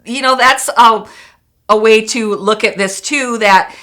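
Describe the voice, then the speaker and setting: A woman co-hosting a podcast with her husband, telling stories in an animated, rambling way. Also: on the high side, a little slow. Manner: animated, rambling storytelling with laughs. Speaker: podcast co-host. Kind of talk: casual chat with spouse.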